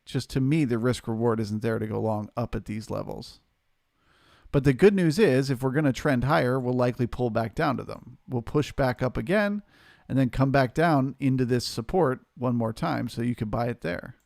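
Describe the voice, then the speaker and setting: A man hosting a live trading stream, calmly explaining his reasoning and answering questions from the chat. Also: medium pitch, normal speed, gravelly, no room sound, studio quality. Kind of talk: live market commentary.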